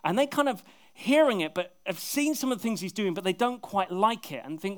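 Man, sermon, conversational preaching, fairly high voice, lively delivery. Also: fast, few pauses. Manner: conversational, animated, reads scripture aloud.

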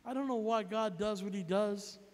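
Male evangelist with a very high voice for a man, emphatic and repetitive, and a long reverb tail. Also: moderate pace. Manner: emphatic, repetitive, builds to loud peaks. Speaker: evangelist preacher. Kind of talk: sermon storytelling.

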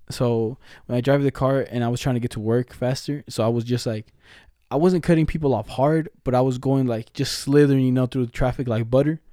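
A young man cohosts a casual podcast, spinning slangy stories with frequent laughs. His voice is mellow and warm. The sound is dry and close. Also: medium pitch, no echo. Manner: laid-back slangy storytelling, frequent laughs. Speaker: podcast co-host. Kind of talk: casual chat.

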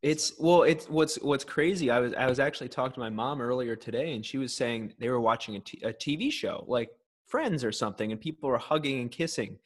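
A man chatting as a podcast guest in a relaxed, reflective way. His voice sits at an ordinary pitch, and he often restarts a sentence with a small stammer. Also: fairly quick. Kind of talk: casual chat.

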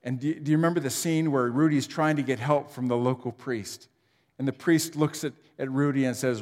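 A man preaching a sermon with dramatic delivery, swinging from loud declarations to near whispers. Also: mid-range voice, fairly even intonation, a little fast. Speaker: pastor. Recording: long hall reverb.

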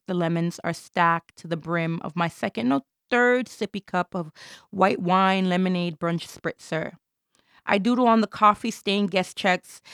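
A woman's voice: on the low side, vocal fry, clear, resonant tone, no room sound, studio quality. A woman from Jamaica performing an intense, theatrical spoken-word monologue.

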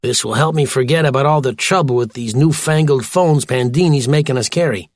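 A man voicing a gruff, grumbling old male platypus police detective in an audiobook. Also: mid-range voice, a little fast, a little mellow, no room sound, lightly acted. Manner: grumbling, stubborn.

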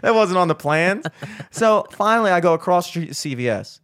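High-voiced young man telling a rambling story. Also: a little fast. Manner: rambling, profane, animated, acts out voices. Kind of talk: casual storytelling chat.

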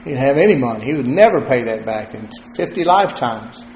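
A man's voice: medium pitch, lively intonation, a little fast, a little mellow, a little hiss or hum. A male pastor delivering a sermon in a loose, conversational way, joking at times and repeating words as he thinks. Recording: roomy echo.

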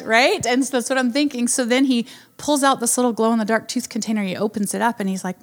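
A woman in her thirties tells a homey story from the pulpit, slightly high in pitch. She laughs easily and slips into her child's voice to act out his lines. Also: fast talker. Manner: warm storyteller, laughs often, acts out her son's lines. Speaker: speaker giving a devotional talk. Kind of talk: storytelling sermon.

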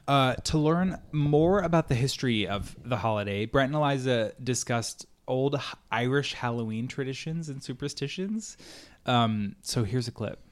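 A man's voice: mid-range voice, animated, normal speed. Joking male podcast host. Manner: jokey, playful, introduces clips. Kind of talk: casual podcast chat.

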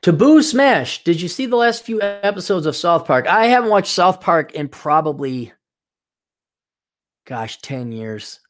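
A man in his forties hosting a casual solo podcast, rambling and profane, now and then mocking others in shrill put-on voices. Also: sing-song, a little slow. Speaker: podcast host.

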